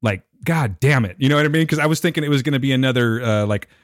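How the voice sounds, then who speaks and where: A man's voice: medium pitch, very fast, no room sound, clean studio sound. A middle-aged man co-hosting a podcast, chatting animatedly and often checking that he is understood. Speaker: podcast co-host. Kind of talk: casual chat.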